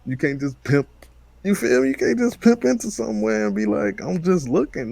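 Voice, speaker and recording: A man on a podcast telling a story in a relaxed, slangy way, his pitch moving lively. He laughs easily, and his voice sounds dry and close. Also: normal speed, vocal fry, no echo. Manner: laid-back, slangy, laughing. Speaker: podcast co-host. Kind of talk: casual storytelling chat.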